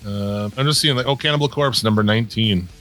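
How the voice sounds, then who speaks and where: A man's voice: fairly low pitch, a little fast, fairly bright tone, faint music behind. A man co-hosting a podcast in casual chat, blunt and opinionated, swearing often. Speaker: podcast co-host.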